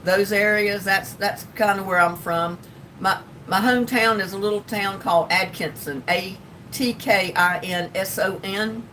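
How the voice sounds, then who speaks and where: An older woman with a Southern North Carolina drawl hosts a casual livestream, rambling along in a folksy way with plenty of ums. Her voice sits at an ordinary pitch and is picked up from a little way off the mic, with a faint rumble underneath. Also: a bit bright, recorded from a distance, poor audio. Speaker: livestream host. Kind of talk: casual livestream chat reading comments.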